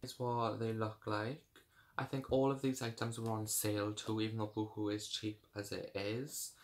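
A young man talks through a try-on haul in a loose, rambling way, filling his sentences with "like" and "um." His voice sits a little lower than most men's. It sounds like an unscripted home vlog. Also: level tone, moderate pace. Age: young adult. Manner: rambling, chatty, lots of "like" fillers. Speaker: fashion vlogger. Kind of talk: casual try-on haul chat.

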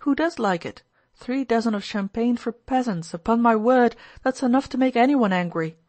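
A woman's voice: a little high, lively intonation, normal speed, a little mellow, voice pushed up, lightly acted. A woman reading the part of a sober young man who speaks bluntly and irritably. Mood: indignant.

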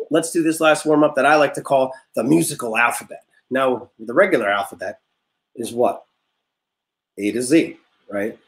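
A young man teaching a music class, leading vocal warm-ups in an upbeat, encouraging way and explaining step by step. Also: on the high side. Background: guitar notes played under the talk.

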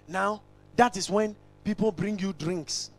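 A man preaching a sermon, emphatic and repetitive, swinging between shouted lines and hushed asides. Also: high-pitched, unhurried, vocal fry, soft background music, poor audio. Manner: repetitive, rhetorical.

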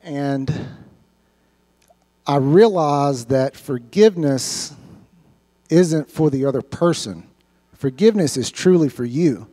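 A man's voice: a little high, expressive, takes it slowly, long pauses, warm tone. A man giving an earnest, heartfelt personal testimony to a church congregation, sometimes repeating words as he speaks. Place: church sanctuary.

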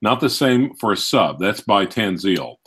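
A man co-hosting a live stream, calmly reading out viewer messages. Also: on the low side, a little slow, a little hiss or hum. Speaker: co-host. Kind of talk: casual live-stream chat.

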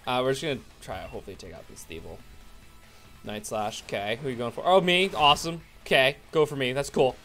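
A man's voice: medium pitch, big pitch swings, fast, fairly bright tone, soft background music. Man rambling through a game, sarcastic. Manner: rambling, sarcastic, talks to viewers. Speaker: gaming YouTuber. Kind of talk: let's play commentary.

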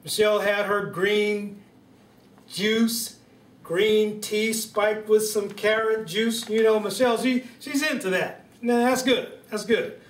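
Man doing a stately president, very slow formal speech, comic stumbles, echoey living room, distant mic. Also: high voice, steady tone. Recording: roomy room sound from a distant camera.

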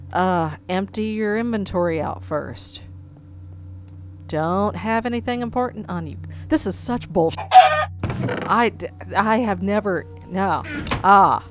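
A woman playing a computer game and commenting as she goes, getting exasperated and swearing, then trying to keep it clean. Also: medium pitch. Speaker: gamer. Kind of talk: let's play commentary. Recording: music under the voice. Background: background music.

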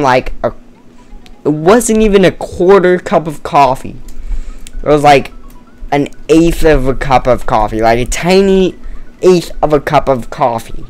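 A man's voice: mid-range voice, smooth. A man doing casual let's-play commentary on a murder mystery game, tired from no caffeine, rambling, joking at himself and swearing.

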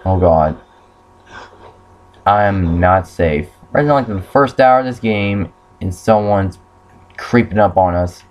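A man's voice: low-pitched, expressive, slow pace, pauses often, darkish tone. A young man commenting on a horror game playthrough, swearing often and yelping when startled. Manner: swears a lot, jumpy and startled. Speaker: gamer.

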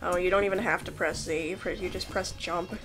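A woman casually commentating a game she is playing, excitable and jokey, laughing often and yelping when things go wrong. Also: on the low side, a little fast, soft background music. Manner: excitable, laughing, swearing, yelps in panic. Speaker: gameplay commentator. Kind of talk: casual let's-play commentary.

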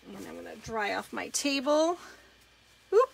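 A woman's voice: fairly high pitch, big pitch swings, unhurried, vocal fry. A woman hosting a live craft demonstration, chatting casually as she talks through each step of her work.

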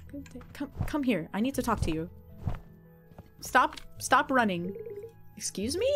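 A woman talks through a video game in a casual, chatty way, giggling and chatting back to the characters on screen. Her pitch jumps around in a lively way, and she sounds a little sniffly. Faint game music plays behind her. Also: moderate pace, pauses often. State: slightly sniffly from a runny nose. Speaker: let's play gamer. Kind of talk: casual gameplay commentary.

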